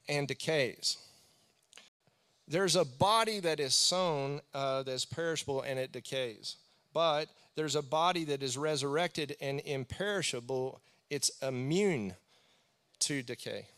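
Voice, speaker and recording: Bright, smooth-voiced chatty preacher man. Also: a little high. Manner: chatty, rambling, jokey with acted asides. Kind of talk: casual sermon.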